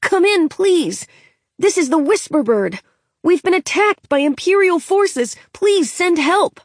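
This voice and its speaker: A woman's voice: very high-pitched, lively intonation, a little slow, no echo, clean studio sound, pitched above the performer's own voice. A woman voicing a young boy who pleads for help over a radio call, whining and desperate. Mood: pleading.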